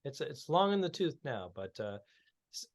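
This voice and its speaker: A man's voice: mid-range voice, big pitch swings, normal speed. A man co-hosting a comedy podcast, joking and chatting casually, often speaking straight to the listeners. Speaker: podcast co-host and comic.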